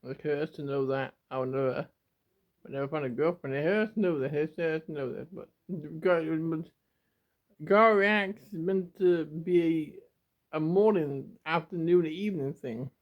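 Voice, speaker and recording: Young male vlogger, emotional confessional, repetitive and halting, fighting tears, slightly raised pitch, muffled lo-fi sound. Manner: rambling and repetitive, stumbling over words. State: close to tears. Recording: dull lo-fi home video.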